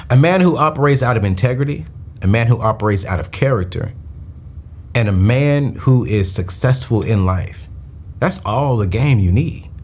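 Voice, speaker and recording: A man's voice: mid-range voice, normal speed. A man hosting a live call-in finance show, joking and preacherly. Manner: animated, preacherly, slangy and joking. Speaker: host.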